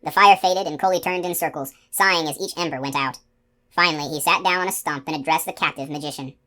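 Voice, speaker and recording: A woman narrating a fantasy novel aloud in a steady, expressive reading voice. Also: low-pitched, fast. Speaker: audiobook narrator. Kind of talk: scripted narration.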